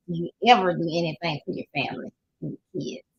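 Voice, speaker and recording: A woman's voice: low voice, fairly even intonation, quick pace, creaky, slightly rough, dull audio. An older woman with a Southern US accent, hosting a casual motivational talk, folksy and preachy, sometimes laughing as she talks. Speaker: life coach host.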